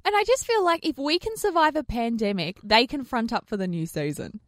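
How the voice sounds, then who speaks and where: A woman's voice: fairly high pitch, lively intonation, fairly quick, no echo, clean studio sound. A woman co-hosting a morning radio show, dramatic and sarcastic in playful banter. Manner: dramatic, mock-wounded, sarcastic. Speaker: radio host. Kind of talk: casual breakfast radio banter. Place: radio studio.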